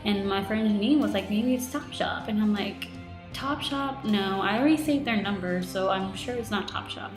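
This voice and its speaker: A young woman in her twenties talks through her week in a casual video diary, rambling and chatty with lots of "like". Her voice sits at a middle pitch and rings in an echoey room. Faint music plays underneath. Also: fairly quick, few pauses. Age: 20s. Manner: chatty, lots of "like", retells with quoted reactions. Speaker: vlogger.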